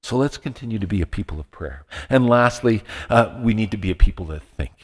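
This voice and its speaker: Brisk and animated, a man with a fairly low voice preaches as a pastor in a church sanctuary, the large hall audible around him. He shares a personal story in a conversational style, frequently starting over.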